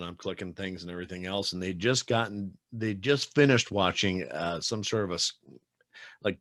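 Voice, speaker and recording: A man's voice: deep voice, a bit bright, no echo, studio quality. A man hosting a podcast, chatting casually and telling rambling stories with laughs. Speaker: podcast host. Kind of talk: casual chat.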